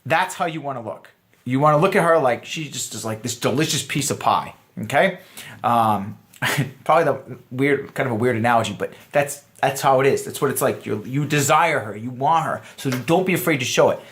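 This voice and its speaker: A man's voice: mid-range voice, brisk, fairly bright tone. A young man teaching a casual dating lesson in a chatty, joking way, full of fillers and asides. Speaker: dating coach.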